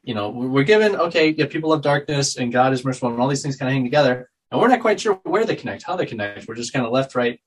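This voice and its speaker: Reflective husky male co-host. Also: medium pitch, expressive, quick pace, hardly any pauses, recorded from a distance, rough recording. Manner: reflective, thinking aloud. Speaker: podcast co-host. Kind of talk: casual podcast discussion.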